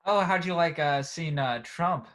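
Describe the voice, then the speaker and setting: Higher-voiced young man, laid-back. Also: unhurried, fairly bright tone, slight background noise. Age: young adult. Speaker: podcast co-host. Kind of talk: casual chat.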